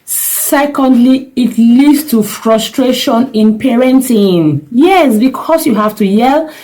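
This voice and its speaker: A woman's voice: fairly high pitch, slow pace, mellow, low-quality recording. A middle-aged woman, a parenting coach giving earnest, emphatic advice straight to camera and repeating her key points. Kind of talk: direct-to-camera advice talk.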